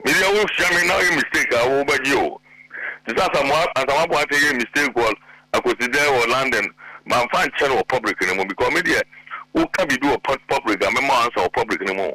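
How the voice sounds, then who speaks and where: A man's voice: mid-range voice, fast talker, bright, forceful tone, no room sound, poor audio. A middle-aged man with a Ghanaian accent, talking emphatically on a political talk show and mixing Twi with English. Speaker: guest politician.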